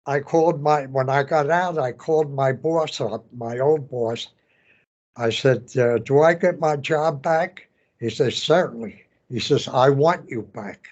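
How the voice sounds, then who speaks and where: In a veterans center room, a man in his nineties tells his story for an oral history interview, halting and repeating words. His voice is mid-range with a darkish tone, and the audio is dull.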